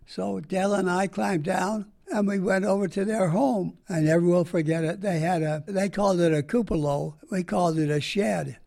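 A man's voice: sits high, gravelly, darkish tone. An older man from the United States, a war veteran, tells rambling, folksy stories in an oral history interview.

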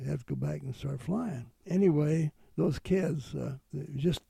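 An older man, interviewed, telling a personal memory in a halting, earnest way. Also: fairly high pitch, dark tone, no echo. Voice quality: gravelly. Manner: halting, earnest storytelling with restarts.

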